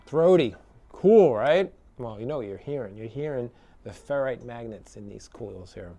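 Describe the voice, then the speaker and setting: A man's voice: medium pitch, normal speed. Laid-back man demoing a guitar, loose and talky, full of fillers and tag questions. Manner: relaxed, chatty, many fillers and tag questions. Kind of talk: casual product demo talk. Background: electric guitar playing.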